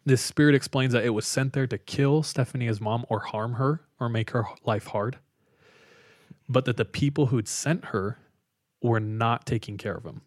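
A man co-hosting a podcast, casually retelling a spooky story with lots of fillers and a hushed tone for the eerie parts. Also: mid-range voice, moderate pace, no room sound, studio quality. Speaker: podcast co-host telling a story.

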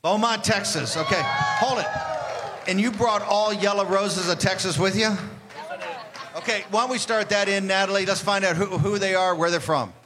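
A man's voice: high-pitched, normal speed. A man hosting live interviews on a convention floor, hyping the crowd. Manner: boisterous, hypes the crowd. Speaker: host. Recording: loud crowd and noise.

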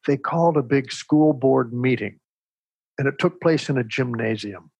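Husky older man from Texas. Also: medium pitch, no echo. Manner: measured, reflective, animated storyteller. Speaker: interview guest. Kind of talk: storytelling in conversation.

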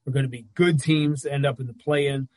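A man talking basketball in casual chat as a regular analyst, telling stories with quick asides. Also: mid-range voice, fairly even intonation, darkish tone, dry recording.

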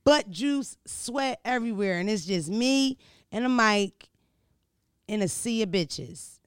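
A woman, hosting a podcast and telling stories in a brash, profane, animated way. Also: medium pitch, takes it slowly, smooth, no room sound, studio quality. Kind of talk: casual storytelling chat.

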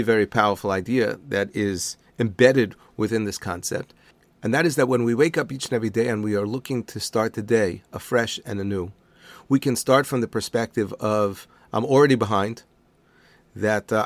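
Male teacher, mid pitch, measured and deliberate, dry close recording. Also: no room sound. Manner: calm, deliberate explanation with Hebrew terms. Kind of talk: measured spoken lesson on prayer.

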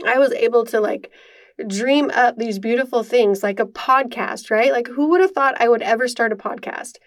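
A woman's voice: fairly high pitch, moderate pace. A young woman hosting her own podcast, speaking earnestly and emotionally, full of casual fillers, on a podcast microphone. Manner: heartfelt and earnest, many fillers. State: emotional, near tears. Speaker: podcast host. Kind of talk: personal podcast monologue.

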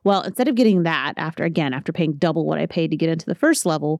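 A woman in her thirties hosting a podcast, telling stories in a casual, animated way and acting out what people said. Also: low voice, fast talker, few pauses, dry recording, clean studio sound. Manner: chatty, animated storytelling with acted-out quotes. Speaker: podcast host. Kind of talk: casual solo podcast talk.

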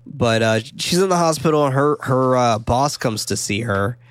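A man co-hosting a casual film discussion, talking excitedly, swearing often and acting out lines from the movie. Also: mid-range voice, normal speed. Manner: animated, swears a lot, acts out quotes. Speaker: podcast co-host.

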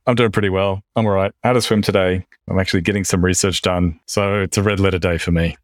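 An Australian man hosting a podcast in casual chat, relaxed, chuckling easily, with a dry, understated way of putting things. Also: deep voice, fast, dry recording. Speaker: podcast host.

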